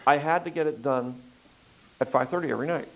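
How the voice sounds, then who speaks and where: An older man talks through a story in a loose, rambling way, stopping often for fillers and starting over mid-sentence. His voice has a gravelly rasp to it. A faint hiss sits under the recording. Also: a little high, fast talker, poor audio. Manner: rambling, frequent fillers and restarts. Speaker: filmmaker guest. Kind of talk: conversational interview.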